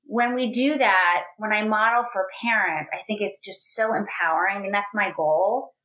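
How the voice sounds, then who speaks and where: A woman's voice: mid-range voice, normal speed, rough recording. A woman in her forties, a family educator, talking earnestly in an interview with lots of "you know" fillers. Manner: earnest, animated, many fillers. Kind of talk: conversational interview.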